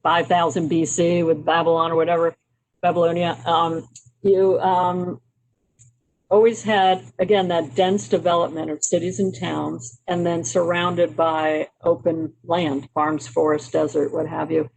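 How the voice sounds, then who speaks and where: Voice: mid-range voice, flat delivery, a little slow, gravelly, low-quality recording. A presenter from Maryland walking a county committee through slides in a conversational way, with frequent um and uh fillers and restarts. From Maryland, United States. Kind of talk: informal slide presentation on urban history.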